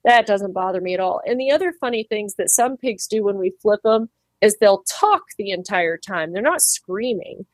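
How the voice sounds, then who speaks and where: A woman's voice: mid-range voice, normal speed, no room sound. A woman who trims pig hooves, chatting animatedly in an interview and acting out quoted voices. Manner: animated, acts out quoted voices, laughs easily. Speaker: farrier and pig trimmer. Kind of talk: casual interview talk.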